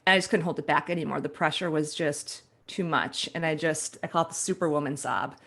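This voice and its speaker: Speaking a little fast in a low, gravelly voice, a woman in her forties tells an interviewer a story from her own life. As a guest author, she's lively, laughing while she plays out her past thoughts.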